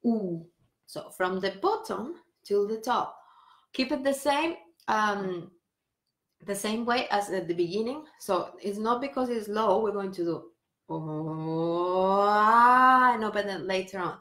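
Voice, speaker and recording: A woman singing teacher gently guiding a vocal warm-up, step by step, with breathing cues and sung vowels. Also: mid-range voice, animated, unhurried, reverberant. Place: home room on a live stream.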